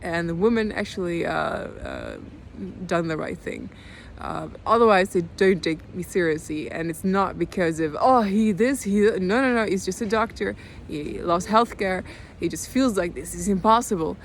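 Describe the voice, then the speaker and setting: A Dutch woman in her twenties speaks in a halting, low-key manner for her personal video diary, calm yet often close to tears. She pauses and restarts a lot, her voice has some vocal fry, and there is slight background noise.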